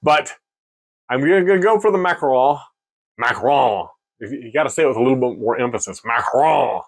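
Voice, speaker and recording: A man's voice: medium pitch, fast. A man hosting a casual beer-tasting video, chatty and joking about his own pronunciation. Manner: chatty, self-mocking, lively. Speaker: beer reviewer, video host.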